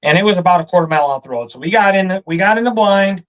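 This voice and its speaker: Michigan guy, kinda high voice, animated storyteller, laughs a lot. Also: very fast, low-quality recording. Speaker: guest storyteller. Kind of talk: casual storytelling.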